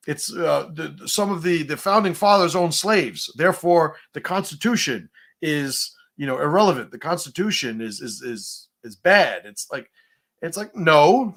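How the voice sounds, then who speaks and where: A livestream host from New York City reads out chat and tells meandering, profane stories, peppered with fillers and restarts. His voice leans high and has a fairly bright tone.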